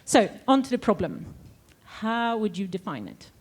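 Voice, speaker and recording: A woman's voice: mid-range voice, wildly swooping pitch, normal speed, a little mellow. Upbeat woman moderating a panel. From Sweden. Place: conference stage with audience.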